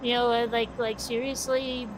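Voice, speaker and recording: A woman's voice: on the high side, level tone, normal speed. Blunt, cursing woman with background noise. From United States. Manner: blunt, swears casually. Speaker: podcast co-host. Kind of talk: casual chat. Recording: noisy background.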